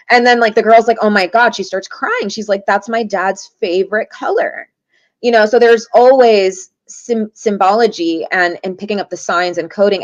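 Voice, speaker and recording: A woman who works as a shaman and tarot reader tells stories as an interview guest at a mid pitch, lively and acting out the voices of the people in them. The audio is dull, lo-fi and dry with no room sound, like a video call.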